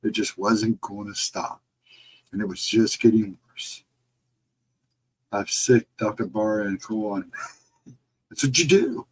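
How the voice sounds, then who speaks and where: A middle-aged man hosting a casual livestream, reading the chat and answering viewers in a relaxed, reassuring way. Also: lowish voice, slow, long pauses, poor audio. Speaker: livestream host.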